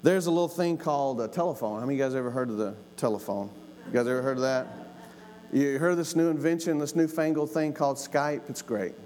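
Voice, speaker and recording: A man's voice: medium pitch, fast, a little mellow. A middle-aged man telling a family story in a sermon, folksy and earnest, repeating lines for emphasis. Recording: long hall reverb, faint room noise.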